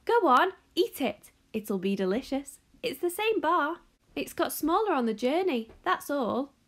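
A woman voicing an excitable, eccentric male chocolate maker in a storybook read-aloud, with a commanding, exclamatory way of talking. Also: sits high, a little slow, voice pushed up, heavily acted. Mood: excited.

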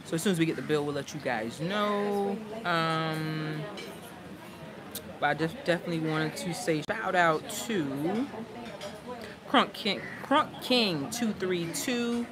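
A woman co-hosting a livestream on an outdoor patio, reading viewer names aloud in a relaxed, halting way. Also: sits low. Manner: easygoing, reads names haltingly. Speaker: co-host reading viewer comments. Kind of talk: casual live-stream shout-outs. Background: crowd chatter.

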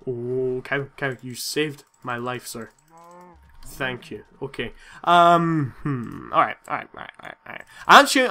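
A young man giving excitable let's-play commentary, swearing and yelling at the game. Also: a little high. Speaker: gaming YouTuber.

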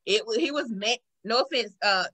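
A woman hosting a casual podcast chat, telling a story with animated acted-out quotes. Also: on the high side, moderate pace. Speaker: podcast host.

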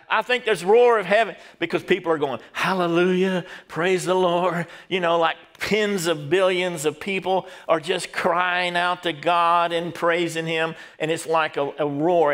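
A middle-aged pastor delivers a sermon in a fairly high voice. He talks straight to the congregation and has them say words back to him. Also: fairly bright tone. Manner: preaching with call-and-response to the congregation.

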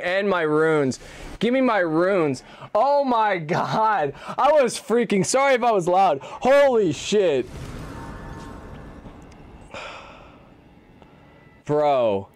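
A man's voice: high voice, no room sound. A young man giving casual, profane live commentary while streaming a game. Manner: casual and profane, swears freely.

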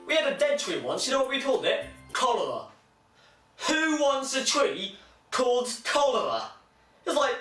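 Young male comic, very high and lively voice, sarcastic rants, echoey room with a distant mic. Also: moderate pace, soft background music. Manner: sarcastic, jumps into shrill mocking put-on voices. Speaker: comedian. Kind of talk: stand-up style comic monologue.

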